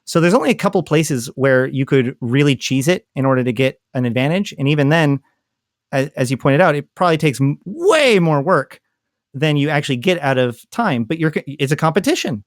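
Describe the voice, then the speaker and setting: A man's voice: fairly high pitch, lively intonation, fairly quick, no room sound, studio quality. A man co-hosting a gaming podcast, talking things through casually with many fillers and restarts. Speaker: podcast co-host.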